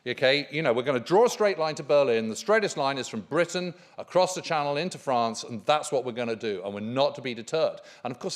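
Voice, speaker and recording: A man's voice: medium pitch, fairly bright tone. Emphatic man lecturing on military history. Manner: emphatic, enthusiastic, frequent fillers. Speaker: conference speaker on military history. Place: conference hall.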